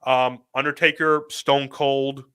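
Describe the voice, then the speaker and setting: Bright-voiced man giving firm opinions. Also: medium pitch, level tone, takes it slowly, clear, resonant tone. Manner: short agreeing replies, firm opinions. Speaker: podcast co-host. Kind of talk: casual chat.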